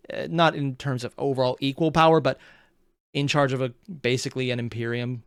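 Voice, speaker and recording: A man hosting a reaction channel, rambling casually and thinking out loud as he comments. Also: medium pitch, no room sound, clean studio sound. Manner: rambling, thinks aloud with restarts.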